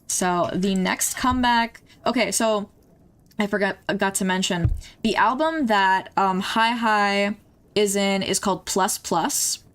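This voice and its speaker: A young woman talks through music videos on a stream in an easy, unhurried way. She is chatty and gets openly emotional, laughing and gasping as she reacts, at a middle pitch. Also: fairly bright tone. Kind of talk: casual reaction commentary.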